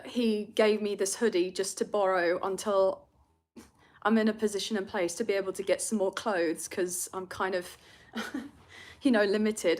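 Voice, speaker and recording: A woman's voice: medium pitch, darkish tone. A young British woman with a London accent, hosting a tarot livestream and chatting emotionally with viewers, rambling with fillers and nervous laughs. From Britain. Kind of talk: casual livestream chat reading comments.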